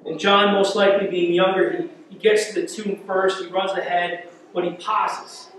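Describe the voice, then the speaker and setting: A man's voice: sits high, little pitch movement, moderate pace, a bit bright, a little hiss or hum. A man preaching a sermon as pastor, retelling a scripture story vividly and repeating words as he builds intensity. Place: church. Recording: echoey church hall, mic at a distance.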